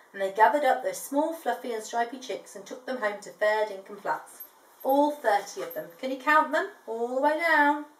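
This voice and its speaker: Aunt reading a kids' book, gentle and chatty, fairly high voice, echoey room. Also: female voice. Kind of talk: bedtime story reading to a child. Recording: echoey room, distant mic.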